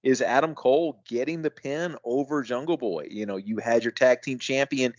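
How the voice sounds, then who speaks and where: A man's voice: mid-range voice, normal speed, lo-fi sound. A man co-hosting a casual wrestling recap podcast, easygoing and enthusiastic in his takes. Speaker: podcast co-host.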